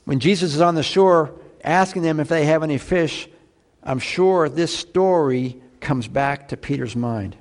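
A man with a fairly high voice preaches a sermon in a conversational way. He puts questions to the congregation and moves between loud, emphatic lines and low, quiet asides. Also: a little slow. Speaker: pastor.

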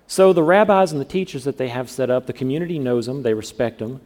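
Speaking at a quick pace in a mid-range, slightly mellow voice, this Southern U.S. pastor delivers a conversational sermon. He keeps asking his listeners questions.

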